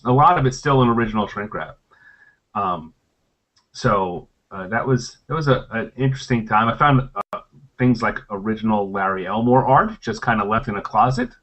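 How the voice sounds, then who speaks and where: A man's voice: medium pitch, fairly bright tone. A middle-aged man, a former game designer, telling anecdotes on a convention panel in a rambling way, with many fillers and restarts.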